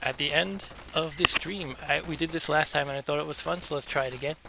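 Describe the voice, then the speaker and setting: A man's voice: fairly high pitch, fairly even intonation, creaky, heavy background noise. Breathless man hosting a game stream. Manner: chatty, self-deprecating, with fillers and quick asides. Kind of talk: casual live-stream chat. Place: home game room.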